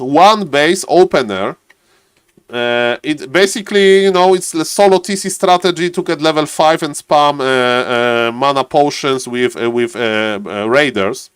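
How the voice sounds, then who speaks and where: A man's voice: fairly high pitch, no room sound, studio quality. A man chatting casually on a live stream, greeting viewers by name and thinking aloud as he waits for a match. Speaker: streamer and caster.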